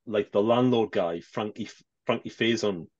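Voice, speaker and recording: A man co-hosting a casual film chat, halting and self-deprecating as he talks. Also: on the low side, a little mellow. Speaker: podcast co-host. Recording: slightly dull lo-fi sound.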